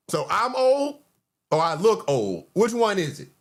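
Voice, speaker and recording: A man's voice: sits high, big pitch swings, a little slow. A man in casual panel chat, arguing and repeating his questions.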